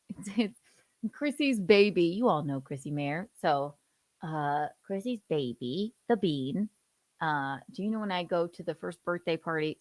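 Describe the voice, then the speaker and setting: A woman's voice: on the low side, dry recording. A woman hosting a casual livestream, talking sarcastically with swearing and laughing asides. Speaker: livestream host. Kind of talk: casual commentary chat.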